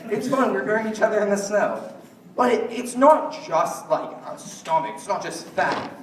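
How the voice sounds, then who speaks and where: A man with a high voice works through a stand-up comedy set, rambling from one joke to the next and slipping into mock quotes of other people. He is heard from some way off the mic in an echoey room. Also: animated, moderate pace, recorded from a distance, a little hiss or hum. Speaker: stand-up comic.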